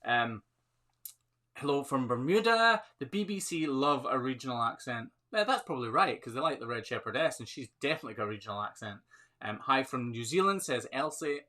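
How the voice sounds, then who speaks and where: His medium-pitched voice is bright, forceful and expressive, and he talks briskly. A Scottish hoof trimmer, he hosts a chatty, upbeat live Q&A from his phone, laughing frequently at viewer comments.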